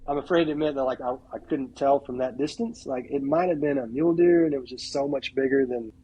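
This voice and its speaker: Middle-aged guy with a husky voice telling a hunting story on a podcast, lots of "like", acts out the quotes. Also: mid-range voice, fast talker, muffled recording. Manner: animated storyteller, acts out quotes, heavy use of "like". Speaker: podcast guest.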